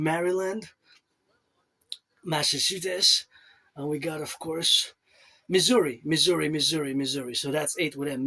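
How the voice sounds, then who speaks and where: A man's voice: on the high side, sharp tone. A man rambling in a monologue to camera, repeating himself and reeling off places in bursts. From Canada. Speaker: self-styled event organizer.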